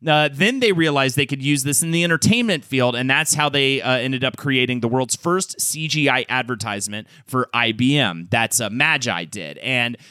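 A man co-hosting a casual podcast, talking in an excitable, rambling way. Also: mid-range voice, moderate pace, few pauses, clear, resonant tone, dry recording. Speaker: podcast co-host.

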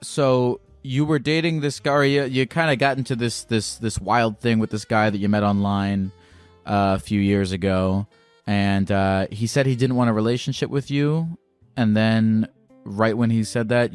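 A man's voice: on the low side, steady tone, normal speed, clean tone, dry recording, soft background music. A man hosting a casual call-in show, asking easygoing, probing questions. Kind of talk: casual phone-in chat.

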